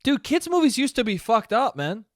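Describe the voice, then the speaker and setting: A man's voice: very high voice, big pitch swings, moderate pace, no room sound, clean studio sound. A young man hosting a casual solo podcast, rambling in a profane, jokey way. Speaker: podcast host.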